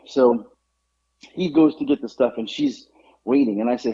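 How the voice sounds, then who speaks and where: Male podcast co-host, lively storyteller, mellow tone, slightly muffled recording. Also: medium pitch, normal speed, pauses often, slightly rough. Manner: animated, acts out the people in his story. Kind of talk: casual storytelling.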